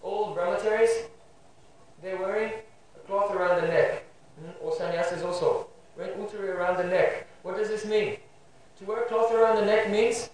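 A man gives a devotional class in a strongly echoing room, heard from a distance with faint ambience behind. His voice sits high for a man. He often pauses to check in with a questioning "hmm?". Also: fairly even intonation, darkish tone, a little hiss or hum. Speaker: spiritual teacher giving a class. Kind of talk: devotional lecture. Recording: very echoey room, voice far from mic.

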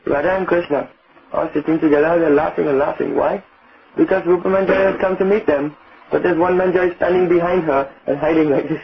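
A man's voice: on the high side, fairly even intonation, fairly quick, creaky, dull audio. A man teaching in a devotional lecture, explaining step by step and often checking in with his listeners. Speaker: spiritual teacher.

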